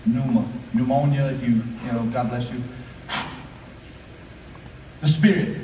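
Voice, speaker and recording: A male pastor preaching a sermon, rhythmic and repetitive, swinging between quiet asides and raised, emphatic lines. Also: medium pitch, steady tone, measured pace, slight background noise. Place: church sanctuary. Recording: echoey hall, voice from a distance, faint ambience.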